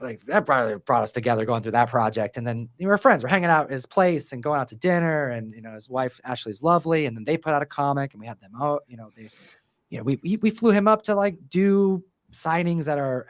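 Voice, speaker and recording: A man's voice: medium pitch, a little fast, dry recording. Rambling man in a dry room. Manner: rambling, lots of fillers and restarts. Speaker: comic book co-writer and show host. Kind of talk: casual interview chat.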